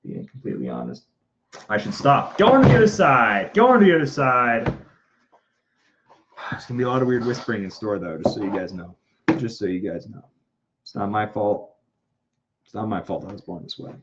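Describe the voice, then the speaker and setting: On a workshop livestream, a young man builds a prop and talks casually in a lowish, expressive voice. He speaks at a moderate pace with frequent pauses, is self-deprecating, and mutters and whispers to himself. The muffled stream carries faint noise.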